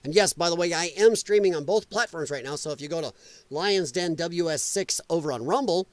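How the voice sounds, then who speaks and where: A man's voice: on the high side, a little fast, no room sound. A middle-aged man from Illinois hosting a live political commentary stream. He swears freely, laughs often and slips into sarcastic, mocking voices. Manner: animated, drops into sarcastic mimicking voices.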